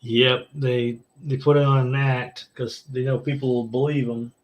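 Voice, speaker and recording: A man co-hosting a casual podcast chat, speaking skeptically and haltingly. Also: mid-range voice, little pitch movement, crowd noise. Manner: skeptical, halting with fillers and restarts. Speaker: podcast co-host.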